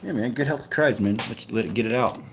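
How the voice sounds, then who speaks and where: A man's voice: mid-range voice, fast talker, noisy background. A man hosting a live stream, chatting casually with viewers in a playful, teasing, rambling way.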